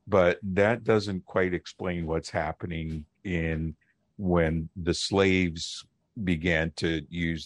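A man who is a linguist guest, explaining on a call-in radio show in a measured, lecturing way with pauses. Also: deep voice, no echo.

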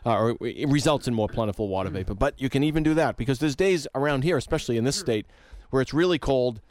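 A man's voice: mid-range voice, expressive, quick pace, darkish tone, no room sound. A man on a radio show as a guest weather expert, chatty, agreeing often and thinking aloud. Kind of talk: explanatory radio talk.

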